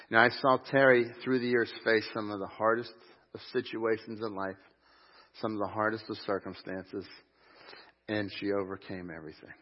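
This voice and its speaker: A middle-aged man, the lead pastor, delivers a funeral eulogy in a low voice, drifting through warm stories with frequent fillers and restarts. The sound carries a long church reverb. The recording is muffled and lo-fi. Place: church sanctuary.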